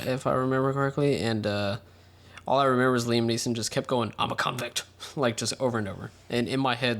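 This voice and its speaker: Casual podcast co-host, man, mid-pitched, jokey trivia reader. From United States. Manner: jokey, reads trivia, slips into quick silly impressions. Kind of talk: casual film podcast chat.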